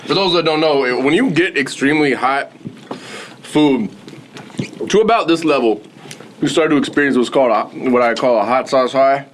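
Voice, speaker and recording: A man's voice: mid-range voice, moderate pace, slight background noise, low-quality recording. A man hosting a radio show in a studio, joking and explaining things while eating hot wings. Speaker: radio host. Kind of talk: casual radio chat during hot wing challenge.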